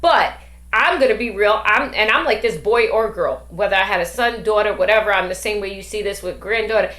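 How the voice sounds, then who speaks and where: A woman's voice: mid-range voice, fairly quick, a bit bright. A middle-aged woman and grandmother, a podcast host talking emphatically with many rhetorical questions. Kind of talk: casual discussion. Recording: echoey room.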